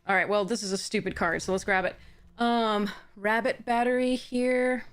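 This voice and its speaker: A woman's voice: medium pitch, fairly even intonation, moderate pace, smooth. Chatty woman streaming a card draft. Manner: chatty, thinks aloud, greets chat warmly. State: a little tired. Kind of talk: casual live-stream chat while drafting cards.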